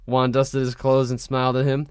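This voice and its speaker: Male comedy podcast host, smooth clear voice, dry close mic, mock-dramatic reader. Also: mid-range voice, completely flat delivery, moderate pace, no echo. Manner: reads aloud with mock-dramatic character voices, laughing at the text. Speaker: podcast host reading fan fiction aloud.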